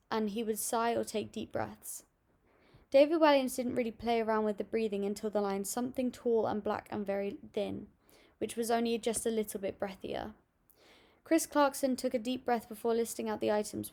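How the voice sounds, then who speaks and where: A young woman reading out a school assignment on voice techniques, steady and a little halting, with small restarts. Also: a little high, creaky. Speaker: student presenting an assignment. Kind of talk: read-aloud school presentation.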